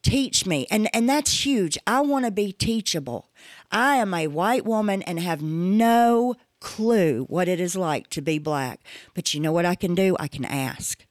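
A woman's voice: on the low side, lively intonation, a little slow, no room sound, clean studio sound. Frank, emphatic woman in her forties. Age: 40s. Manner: candid and emphatic, with casual swearing. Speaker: podcast host. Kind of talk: personal podcast monologue.

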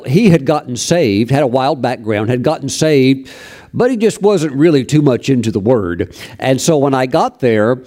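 Male preacher, folksy storyteller, mellow tone, lots of restarts. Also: mid-range voice. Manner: folksy, anecdotal, many restarts. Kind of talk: sermon storytelling.

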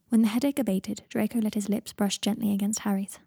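Mellow, husky woman reading a story. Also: medium pitch, level tone, fast, no echo, studio quality. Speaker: audiobook narrator. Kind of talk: fan fiction audiobook narration.

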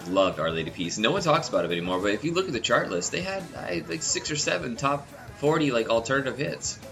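A man with a head cold chatting casually about nineties music, his nasal voice stuffed up and deeper than usual. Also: animated, fast, gravelly, bright, forceful tone. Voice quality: normally nasal voice.

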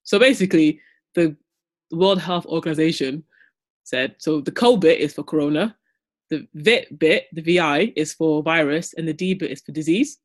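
A young woman co-hosting a casual podcast from home in London over a video call, chatty and quick to giggle. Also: sits low. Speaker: podcast co-host.

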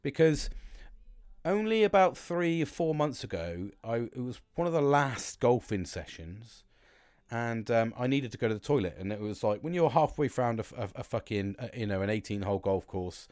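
A man's voice: medium pitch, animated, normal speed, a little mellow, dry recording, studio quality. A British man hosting a podcast, rambling casually about his weekend with lots of swearing, restarts and fillers. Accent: British English. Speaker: podcast host.

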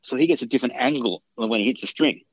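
A man's voice: medium pitch, rapid-fire, husky, dry recording, highs cut off. A man, a guitarist, telling long casual anecdotes in an interview, full of restarts and fillers. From Australia. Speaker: guitarist guest.

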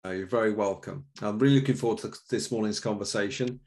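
A man's voice: fairly low pitch, quick pace, darkish tone. Enthusiastic man hosting with many fillers. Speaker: event host. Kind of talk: hosting an online panel.

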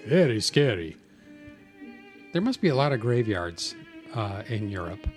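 A man's voice: fairly low pitch, big pitch swings, moderate pace, soft background music. A man co-hosting a podcast in casual chat, easygoing and guessing at answers. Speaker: podcast co-host.

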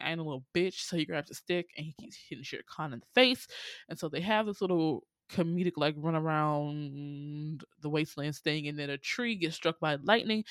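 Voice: mid-range voice, dry recording, clean studio sound. Slangy, chatty plot recapper. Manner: slangy and chatty, lots of fillers. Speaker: film recap host. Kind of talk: casual plot retelling.

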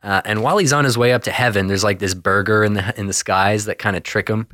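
A young man co-hosting a podcast, casually recapping a cartoon episode in a rambling, animated way. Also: fairly low pitch, fast talker, no room sound. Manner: rambling, animated storytelling with lots of fillers and swearing. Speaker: podcast co-host.

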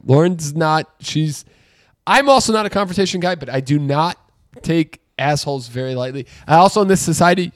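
A man's voice: dry recording, clean studio sound. Swearing, ranting male podcast co-host. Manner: ranting, swears a lot, gets loud and high when worked up. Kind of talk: casual chat.

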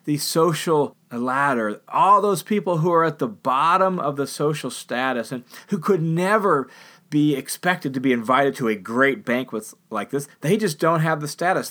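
A man's voice: mid-range voice, fairly bright tone. A man preaching a conversational sermon, chatty and emphatic, often tagging on "you know" and "right?".

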